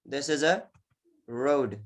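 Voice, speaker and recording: A man's voice: medium pitch, expressive, takes it slowly. A man teaching an online English exam class, encouraging, repeating words often with many "okay"s. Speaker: IELTS teacher.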